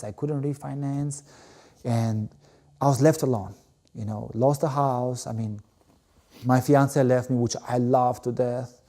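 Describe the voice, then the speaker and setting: A man's voice: medium pitch, fairly even intonation, normal speed, dark tone. A man, a guest telling his story emphatically in an interview, full of "you know" and repeated words. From Albania. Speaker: interview guest, former volleyball player. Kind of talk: animated storytelling in conversation.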